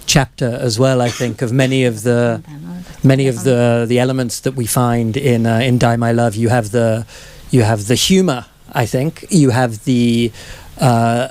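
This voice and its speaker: A man moderating a live book discussion at a bookshop event, halting and searching for his words. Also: medium pitch, a little mellow.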